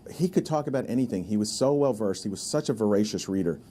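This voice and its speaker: A man's voice: lowish voice, fast talker. A man telling admiring anecdotes about a mentor in a documentary interview. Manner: animated anecdote-teller, admiring. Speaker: artist recalling a mentor.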